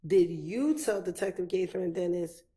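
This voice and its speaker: A woman prosecutor questioning a witness in a courtroom, methodical and measured. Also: fairly low pitch, dark tone.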